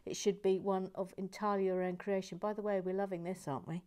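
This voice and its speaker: A woman's voice: medium pitch, level tone, fast talker. Playful woman, half-whispering host. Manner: playful, drifts between soft whispers and bursts of mock indignation; reads viewer messages aloud with hesitant restarts. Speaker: host of a live building stream reading viewer comments. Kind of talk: chatty live-stream commentary while building.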